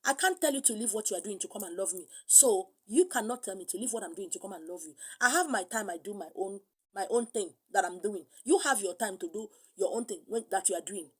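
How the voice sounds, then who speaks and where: Husky Nigerian woman preaching animatedly. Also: medium pitch, fast. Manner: animated, mixes in pidgin and acted voices. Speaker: spiritual teacher. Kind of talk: sermon.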